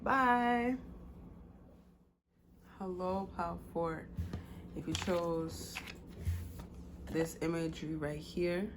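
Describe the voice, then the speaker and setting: A woman's voice: on the low side, drawn-out words, long pauses, over music. A woman giving a casual pick-a-card tarot reading, loose and slangy with many fillers.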